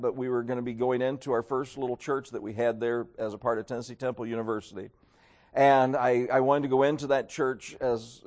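Middle-aged male pastor, slightly high voice, folksy storyteller in a sermon. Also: a little mellow. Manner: folksy storytelling with acted quotes.

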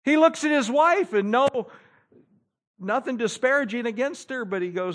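Animated, humorous preacher. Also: male voice, very high voice, normal speed. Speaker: pastor. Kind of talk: sermon.

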